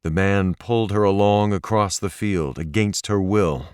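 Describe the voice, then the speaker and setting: A man narrating an audiobook in a measured, expressive reading. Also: on the low side, clear, resonant tone, no room sound, studio quality. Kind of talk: scripted narration.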